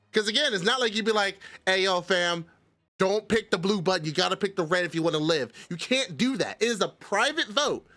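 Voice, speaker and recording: A man's voice: high-pitched, bright, forceful tone, no room sound. A man streaming live, chatting casually and arguing a point with his chat, addressing viewers by name.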